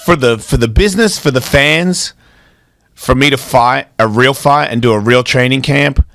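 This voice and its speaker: A man telling fight stories on a podcast as a guest, swearing freely and acting out the people he quotes. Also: normal speed. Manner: profane, animated, acts out quoted people in loud high voices. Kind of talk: casual podcast storytelling.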